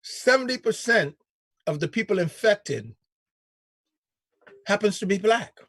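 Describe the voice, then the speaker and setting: A man hosting a casual talk show, riffing in an animated way with frequent restarts. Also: high voice, unhurried, breathy edge, dry recording, studio quality. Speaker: show host. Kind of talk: casual chat.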